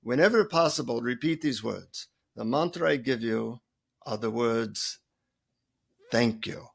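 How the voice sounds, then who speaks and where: A man voicing a calm male Indian guru with an Indian accent, in a hushed then insistent manner. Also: sits high, fast, voice pushed up.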